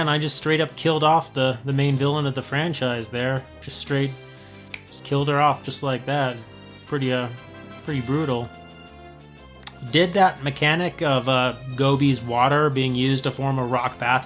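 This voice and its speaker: Brief: thirties guy reading his old writing aloud, stumbling and self-mocking, soft music behind. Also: mid-range voice, steady tone. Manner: halting, many fillers, self-mocking. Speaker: video host.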